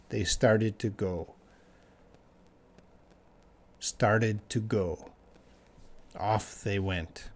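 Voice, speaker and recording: Speaking in a lowish, slightly mellow voice, a young man from Canada runs a live English lesson. He answers chat questions in a relaxed way and says phrases again slowly so learners can follow.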